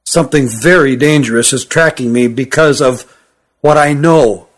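A man's voice: medium pitch, normal speed, natural voice. A man voicing an urgent, frightened young fugitive. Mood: secretive pleading. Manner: urgent, hushed, pleading. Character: sturdy young male creature, frightened, urgent and secretive. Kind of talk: audiobook character voice.

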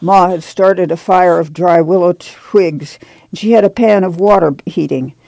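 A woman narrating an audiobook in a calm, even storytelling manner. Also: on the low side, a little slow, gravelly, dry recording.

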